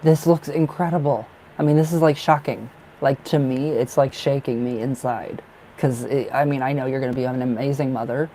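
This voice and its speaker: A man reading tarot cards on a live stream. He is excitable and emotional, and he thinks aloud in rambling bursts with many restarts. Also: medium pitch, moderate pace, slight background noise, rough recording. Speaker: tarot reader.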